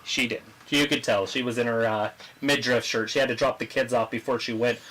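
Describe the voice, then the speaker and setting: A man hosting a casual live wrestling watch-along, chatting, joking and reading viewer comments aloud while his voice grows hoarse. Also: mid-range voice, steady tone, a little fast, sharp tone, poor audio. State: losing his voice. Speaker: livestream host.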